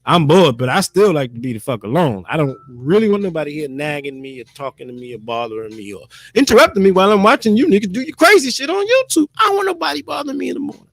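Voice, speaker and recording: Gravelly man rambling casually on a stream. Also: on the high side, big pitch swings, fast talker, few pauses, a bit bright, no room sound. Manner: loose, profane, talks to himself and viewers. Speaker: live streamer.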